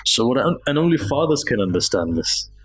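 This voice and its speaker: A man delivers a mosque sermon in a mid-pitched voice. He tells devotional stories with feeling and lifts his voice as the story turns sad. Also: sing-song, brisk, rough recording. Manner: emotive storytelling, rising pitch in emotional passages. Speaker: speaker at a mosque gathering. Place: mosque hall.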